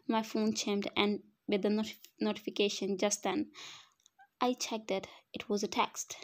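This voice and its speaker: A woman's voice: mid-range voice, level tone, moderate pace. A woman narrating a first-person romance story, dramatic, at times dropping to a whisper. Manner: dramatic, breathy whispered asides. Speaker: fan fiction reader.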